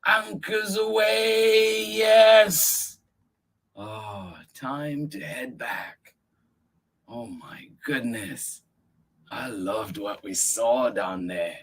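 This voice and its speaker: A man's voice: mid-range voice, very slow, a bit bright. A man hosting story time, reading a picture book aloud to children with lots of exclaiming and questions to the kids. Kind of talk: animated read-aloud for kids.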